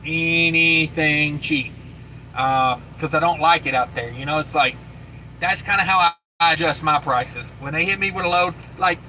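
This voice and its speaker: Trucker host, male, easygoing livestream chatter, somewhat high and forceful tone, faint vehicle hum behind. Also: normal speed, rough recording. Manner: laid-back and rambling, with many fillers and repeated phrases. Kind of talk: casual live chat, reading viewer comments aloud.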